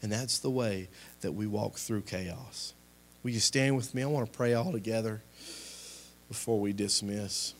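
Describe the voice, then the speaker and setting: A young adult man with a fairly low voice, speaking a little slowly, preaches a sermon and closes with a prayer. He is impassioned, with volume that rises and falls and exhortations he repeats again and again.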